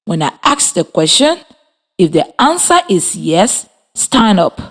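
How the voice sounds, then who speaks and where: Woman radio teacher for a children's lesson, slow and sing-song, spells out words patiently. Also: on the low side, very animated. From Liberia. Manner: slow, clear and encouraging, spells words letter by letter. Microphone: radio studio mic.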